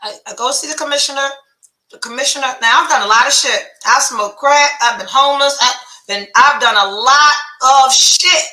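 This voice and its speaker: A woman's voice: high-pitched, normal speed, sharp tone, reverberant, poor audio. A middle-aged woman, a podcast host candidly retelling a personal story, full of profanity and quoted dialogue.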